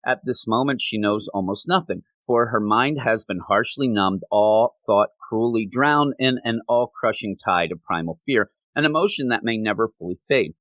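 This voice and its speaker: A man's voice: lowish voice, moderate pace, few pauses, fairly bright tone, no room sound. Chatty male comic podcast host. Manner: conversational, recapping and quoting dialogue. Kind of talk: casual comic book review.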